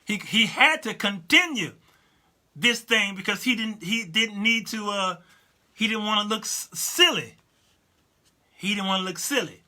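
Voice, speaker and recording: A man in his fifties with a high, piercingly bright voice talks straight to his viewers. He delivers a loose, animated commentary and laughs often. Now and then he stops to answer comments from the live chat. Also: unhurried, pauses often. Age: 50s. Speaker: talk show host. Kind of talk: casual commentary monologue.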